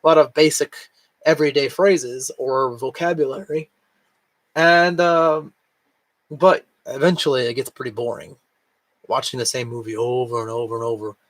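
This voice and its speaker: A man's voice: medium pitch, fairly even intonation, normal speed. A man vlogging casually at home with a rambling, filler-heavy way of talking, his voice still worn from recently losing it. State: recovering from lost voice, can't reach high notes. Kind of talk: casual chat. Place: home, cat nearby.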